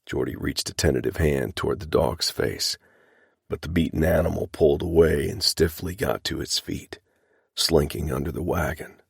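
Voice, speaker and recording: A man reading a western audiobook in a measured, even way. His voice is very deep and low, and the recording is dry and close with no room sound. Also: gravelly, slightly rough, dry recording. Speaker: audiobook narrator. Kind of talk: scripted audiobook narration.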